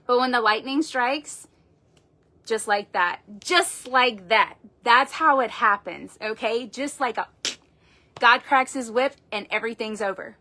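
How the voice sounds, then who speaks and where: A woman's voice: on the high side, unhurried, bright, forceful tone. A woman doing a live-streamed tarot reading, talking in an emphatic, folksy way and swearing casually into a phone. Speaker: tarot reader.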